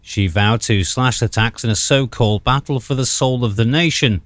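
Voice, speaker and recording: A man reading a radio news bulletin in a measured, formal way. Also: mid-range voice, very noisy. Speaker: newsreader.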